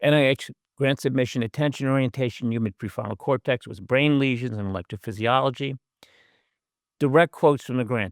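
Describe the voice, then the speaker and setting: A man's voice: medium pitch, a little fast, vocal fry, dry recording, studio quality. An older man and professor giving a conversational lecture over a video call, with wry asides and frequent fillers. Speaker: guest speaker, professor.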